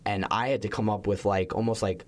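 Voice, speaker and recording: A man's voice: lowish voice, a little fast. A young adult man, a chef and restaurateur, talking casually in an interview with lots of "like" fillers and the odd swear word. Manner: animated storytelling, heavy use of "like", occasional swearing.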